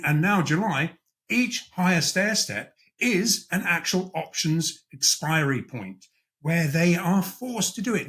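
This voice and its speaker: Give me a man hosting an interview, fairly high voice, emphatic and searching for his words. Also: a bit bright. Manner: emphatic, circles back to restate his point. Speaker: host. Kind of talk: conversational interview.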